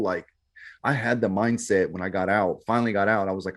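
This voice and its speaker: A man with a low-leaning voice at normal speed recounts his story as a guest on a podcast. It's casual storytelling, easygoing and full of slang like "man" and "bro."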